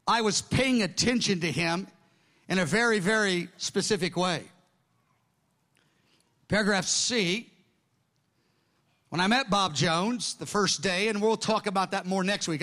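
Bright high-voiced man preaching. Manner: animated anecdotes, quoting others in dialogue. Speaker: pastor. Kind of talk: sermon storytelling.

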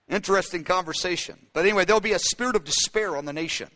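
A man's voice: high-pitched, fast talker, few pauses, sharp tone. A man preaching a sermon, telling a story with many fillers and restarts. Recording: long hall reverb.

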